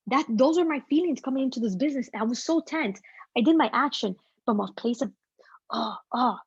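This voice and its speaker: A woman guest speaker giving a casual, energetic motivational talk to a team over a video call, with plenty of slang. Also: high-pitched, quick pace, husky, dry recording, muffled recording.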